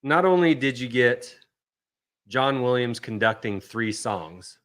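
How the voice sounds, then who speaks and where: A man co-hosting a podcast, recapping a convention in an easygoing way, often trailing off softly at the end of a thought. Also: mid-range voice, animated, slow pace. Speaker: podcast co-host. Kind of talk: casual chat recap.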